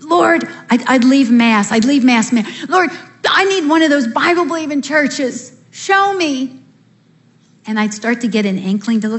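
A middle-aged woman giving an earnest personal testimony to a church audience, acting out her prayers and the dialogue as she tells the story. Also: medium pitch. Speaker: guest speaker giving testimony.

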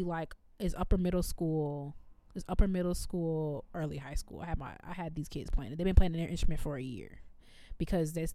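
A woman, co-hosting a casual chat and telling animated stories as a former music teacher. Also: on the low side, no room sound. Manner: animated storytelling, quoting herself.

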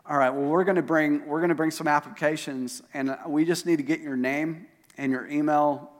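Pastor guy telling a story from the pulpit, higher voice, acts out the quotes, long church reverb. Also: fairly even intonation, moderate pace. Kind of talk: sermon storytelling to a congregation. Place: church auditorium. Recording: live sermon in a reverberant hall.

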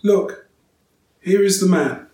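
A man's voice: high voice, takes it slowly, mellow, pitched above the performer's own voice. A man reading the part of a stern male Roman governor, with emphatic, raised questioning in a roomy, distant recording. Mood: insistent. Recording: roomy, distant, faint ambience.

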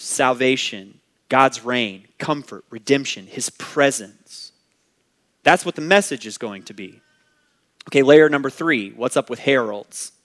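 A man preaching a sermon, reading scripture and explaining it, with emphatic rises and quiet asides. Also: fairly high pitch. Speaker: pastor.

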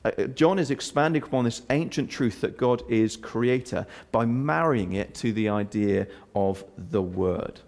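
A pastor preaching and explaining a scripture passage in an earnest way, with frequent fillers and restarts. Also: male voice, mid-range voice, a little mellow. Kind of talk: sermon.

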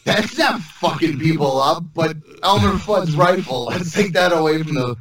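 A man's voice: a little high, lively intonation, normal speed, fairly bright tone. A man co-hosting a podcast over a video call, sarcastic and swearing freely as he riffs. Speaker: podcast co-host. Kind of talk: casual podcast banter.

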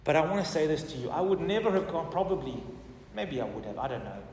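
A middle-aged man, a pastor, telling a testimony in a sermon with animated storytelling that swings from loud to soft. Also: on the high side, fast talker, slight background noise. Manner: animated storytelling, rising and falling in volume. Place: church hall. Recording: roomy hall reverb, distant mic.

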